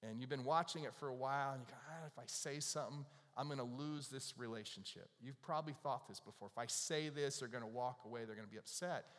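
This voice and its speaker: A man's voice: medium pitch, fairly bright tone. A man preaching a sermon, talking in a conversational, storytelling way and putting questions to the audience. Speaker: pastor. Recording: long hall reverb.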